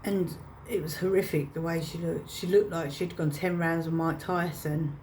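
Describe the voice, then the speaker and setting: A woman's voice: deep voice, steady tone, moderate pace, a little mellow, a little hiss or hum. A woman telling a painful personal story to camera, emotional and reenacting her own past words. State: choked up. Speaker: vlogger.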